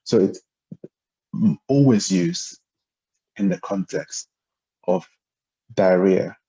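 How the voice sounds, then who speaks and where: Slow low-voiced man teaching a language. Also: warm tone, breathy edge. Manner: hesitant, lots of ums, spells out syllables and tones. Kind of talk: relaxed explanatory lesson. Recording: dull lo-fi audio without a proper mic.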